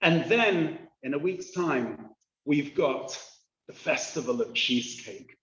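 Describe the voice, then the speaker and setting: Man, rabbi, high voice, slow and jovial, lo-fi hall recording. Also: lively intonation, a bit bright. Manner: jovial storyteller, joking with the audience. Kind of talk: humorous inspirational address. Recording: roomy, dull lo-fi hall recording.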